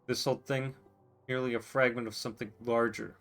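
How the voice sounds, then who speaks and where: A man's voice: mid-range voice, little pitch movement, brisk, a bit bright, soft background music, lightly acted. A man reading out the lines of a small, sly male bug shopkeeper from a game, with his voice lifted a bit. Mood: welcoming. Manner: reading on-screen game dialogue aloud.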